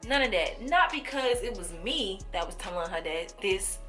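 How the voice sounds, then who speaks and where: A young woman telling a story to her viewers in a casual, animated way, acting out the voices of people in it, with speech. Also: mid-range voice, normal speed, soft background music. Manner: animated, acts out quoted voices, talks straight to viewers. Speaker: storytime vlogger.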